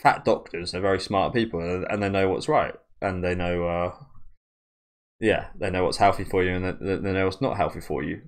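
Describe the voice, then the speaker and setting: A man's voice: sits low, fairly even intonation, a little fast. A man hosting a manga reaction video, talking casually in a rambling, self-deprecating way with many fillers and restarts. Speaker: channel host reacting to a manga.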